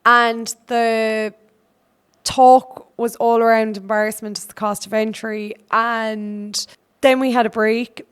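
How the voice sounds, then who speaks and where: Smooth-voiced Irish woman telling a story. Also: on the high side, flat delivery, slow. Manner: chatty, run-on anecdote telling. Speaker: podcast host. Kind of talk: casual storytelling monologue.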